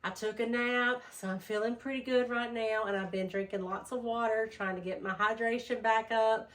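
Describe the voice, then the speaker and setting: A woman vlogging a casual thrift haul, chatty and tired, low on energy after being sick, with lots of "um"s. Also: fairly even intonation, moderate pace. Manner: chatty, says "y'all", many "um"s.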